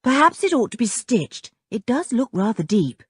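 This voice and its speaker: A woman voicing a calm, sensible middle-aged mother in a storybook, brisk and matter-of-fact. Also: on the high side, breathy edge, no echo, voice pushed up.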